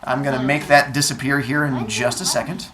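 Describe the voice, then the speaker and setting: A man's voice: medium pitch, brisk. A male teacher walking seventh graders through a quiz step by step, with dry sarcastic asides. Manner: steady step-by-step explaining. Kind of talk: classroom instruction. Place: classroom full of seventh graders. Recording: noisy classroom. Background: student chatter.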